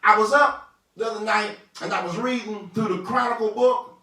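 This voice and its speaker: A man voicing an easygoing, generous male king who talks in a loud, casual, affectionate way. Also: high-pitched, normal speed. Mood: eager. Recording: echoey room from a distant mic.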